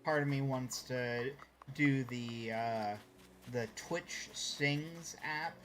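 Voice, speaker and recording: A man's voice: medium pitch, very slow, a bit bright, a little hiss or hum. A man chatting casually on a live stream while gaming, rambling and greeting viewers by name.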